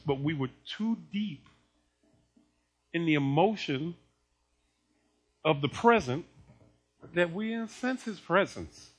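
A man preaching a sermon, animated and laughing often as he acts out the scenes. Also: high voice.

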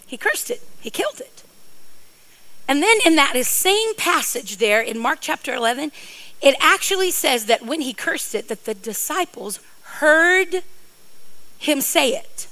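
Playful, very high-voiced woman preacher. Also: big pitch swings, unhurried, sharp tone, poor audio. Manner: playful, joking, rambling asides. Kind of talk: sermon.

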